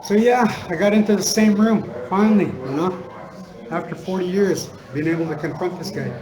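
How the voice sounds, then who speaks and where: A middle-aged man telling a personal story to listeners, halting and repetitive, circling back on his words with many fillers. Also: high voice, low-quality recording. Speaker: speaker sharing a personal story. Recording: crowd noise audible behind.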